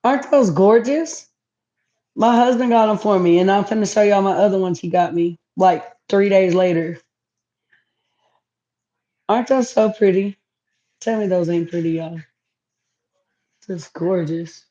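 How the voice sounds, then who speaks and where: A woman's voice: medium pitch, a little slow, long pauses, warm tone, lo-fi sound. A woman chatting casually to viewers on a home livestream, reading comments aloud. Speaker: livestream host. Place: home, indoors.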